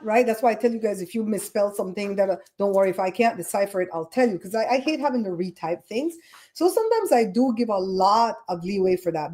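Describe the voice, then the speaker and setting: A woman with a Caribbean accent hosting a casual livestream show, chatty and animated as she tells stories and rants about grammar. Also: mid-range voice. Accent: Caribbean English. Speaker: podcast host. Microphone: streaming setup microphone.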